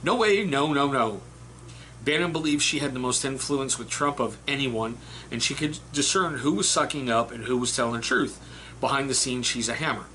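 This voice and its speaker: A book reviewer gives a casual spoken review, blunt and occasionally swearing. His mid-range voice is bright and forward and fairly quick, with faint background noise underneath.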